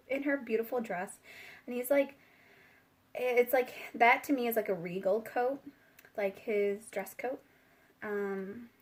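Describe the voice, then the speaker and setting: A woman's voice: fairly high pitch, a little mellow, breathy edge. A young woman giving a casual, rambling spiritual tarot reading, chatty with lots of fillers and giggles. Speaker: tarot reader.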